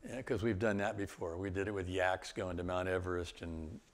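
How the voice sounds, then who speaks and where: A man's voice: low-pitched, little pitch movement, fairly quick. An older man, a guest speaker, telling travel stories in a loose, rambling way with chuckles and restarts. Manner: rambling, with laughs and many restarts. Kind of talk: storytelling talk.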